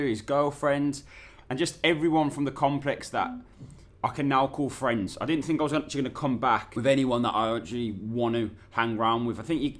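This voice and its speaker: A young man, talking in a chatty, rambling and sweary way in a casual travel vlog. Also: medium pitch. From England. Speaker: vlogger.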